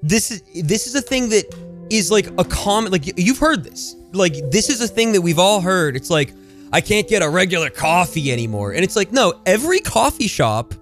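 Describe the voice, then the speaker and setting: A man co-hosting a podcast in casual chat, rambling with halting restarts and acting out quoted voices. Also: high voice, fairly bright tone. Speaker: podcast co-host.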